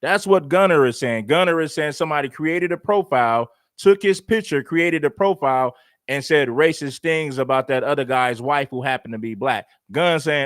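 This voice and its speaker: Stream host guy reacting, kinda skeptical, bit high voice, dry close sound. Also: normal speed, dry recording. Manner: wry, skeptical asides to viewers. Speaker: livestream host. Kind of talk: reaction commentary.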